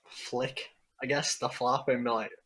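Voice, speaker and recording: A man's voice: medium pitch, little pitch movement, measured pace, a bit bright, husky. A man playing a tabletop game, joking and swearing casually. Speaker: player. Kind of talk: casual tabletop role-play.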